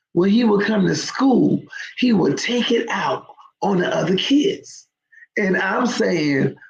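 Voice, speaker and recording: Host: woman with a gravelly edge, emphatic storyteller, roomy dull lo-fi recording. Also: mid-range voice, darkish tone. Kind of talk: storytelling talk to viewers.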